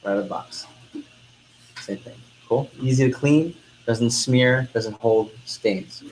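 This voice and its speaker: A male sales trainer working a room, hammering home key words and drilling the class in call-and-response. His voice sits at an ordinary pitch, with a faint hiss under it. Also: takes it slowly, a little mellow, rough recording.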